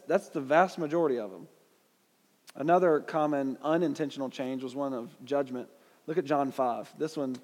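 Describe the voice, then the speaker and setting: A man of medium pitch and slightly mellow tone teaches a Bible class, his words trailing into a long reverb. He has a Southern US accent, keeps things conversational, and asks the audience questions.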